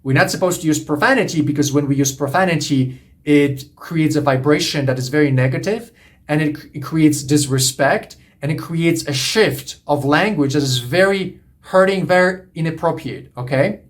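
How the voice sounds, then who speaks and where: A man's voice: on the high side, moderate pace. A man coaching on relationships, lecturing in an earnest, repetitive, emphatic way. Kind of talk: monologue lecture to camera.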